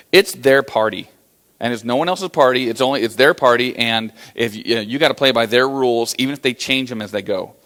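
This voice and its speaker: Animated American man telling stories. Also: mid-range voice. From USA. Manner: animated storyteller acting out quotes, many fillers. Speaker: motivational business speaker. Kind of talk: storytelling keynote talk.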